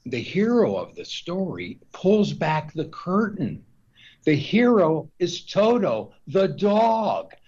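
A man's voice: high voice, big pitch swings, slow, darkish tone. Rambling man on a dull lo-fi line. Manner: rambling, with frequent restarts and repeated words. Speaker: guest author. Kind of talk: discursive interview talk.

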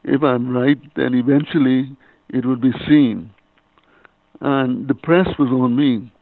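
An older man speaks over a tinny phone line, his voice gravelly with a fry at the edges. He tells his story haltingly, stumbling and repeating words as a guest on a call-in interview. The sound is dry and close. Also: medium pitch, fairly even intonation, no echo. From Bahamas. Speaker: guest author and reverend.

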